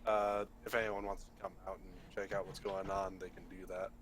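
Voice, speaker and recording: A man playing in a tabletop role-playing game, talking haltingly and thinking aloud with many pauses. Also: low-pitched, little pitch movement, background noise. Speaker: player.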